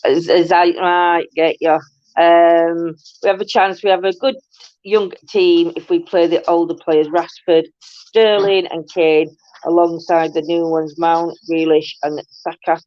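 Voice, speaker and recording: A woman's voice: lowish voice, level tone, unhurried, dry recording. A woman hosting a casual live-stream chat, rambling along and laughing often. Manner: rambling, chatty, breaks into frequent laughter. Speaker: host. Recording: dull, dry lo-fi sound.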